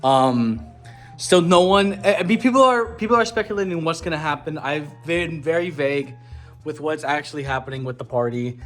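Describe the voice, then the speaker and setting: A young man giving a casual video diary update, excited and rambling with lots of fillers and restarts. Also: fairly high pitch, normal speed, soft background music. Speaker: vlogger planning a party.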